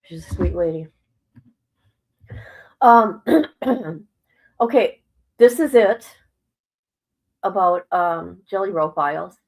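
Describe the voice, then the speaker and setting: A woman's voice: fairly low pitch, slow, pauses often, poor audio. A middle-aged woman chatting casually on a live stream as a commentator, rambling and emotional, often breaking into exclamations.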